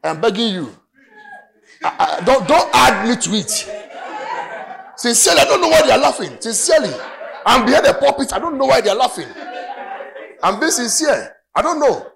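A man with a Ghanaian English accent preaching a sermon to a congregation in a church, with an animated, sing-song delivery. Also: extremely high pitch, normal speed, vocal fry, pauses often. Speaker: pastor.

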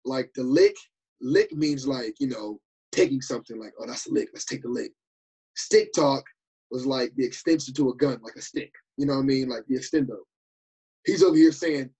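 A young man chatting casually, telling animated, slangy stories and acting out the quotes. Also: medium pitch, moderate pace, breathy edge, low-quality recording. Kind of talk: casual chat.

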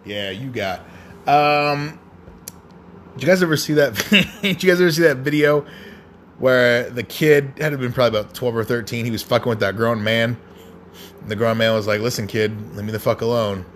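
Casting: male podcast host, mid-pitched, crude and rambling, swears constantly, faint noise behind. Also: normal speed. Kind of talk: casual solo podcast rant.

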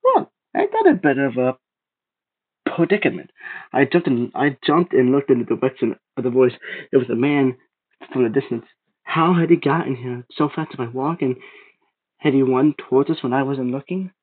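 A man reading a creepypasta aloud, steady but stumbling and restarting now and then. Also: mid-range voice, normal speed, breathy edge. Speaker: narrator. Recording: tinny phone-like sound.

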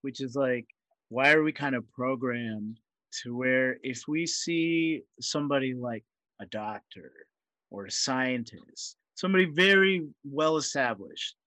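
A man's voice: medium pitch, unhurried, sharp tone, no echo. A man co-hosting a casual podcast, building long, questioning arguments. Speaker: podcast co-host. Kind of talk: casual chat.

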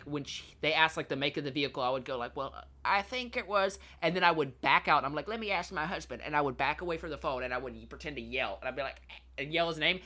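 A man co-hosting a casual podcast, telling an animated story and acting out voices. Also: fairly high pitch. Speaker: podcast co-host. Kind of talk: casual chat.

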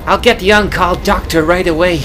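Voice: medium pitch, fairly even intonation, brisk. Sketch performer, earnest with slight stammers, music bed. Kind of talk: sketch comedy.

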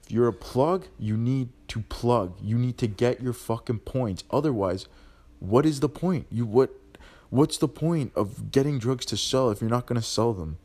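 A man's voice: medium pitch, normal speed. Profane ranting young man. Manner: profane, blunt street slang; animated, ranting. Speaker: podcast host. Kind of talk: casual monologue.

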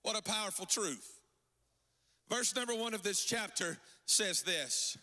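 A man's voice: high voice, expressive, a little slow, pushed and bright, in a large hall. A male pastor preaching a sermon in a rhythmic, sing-song cadence, repeatedly calling out to his congregation.

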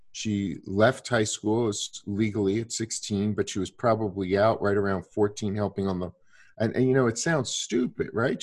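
A man in his sixties in casual conversation, rambling with many restarts and fillers. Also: on the low side.

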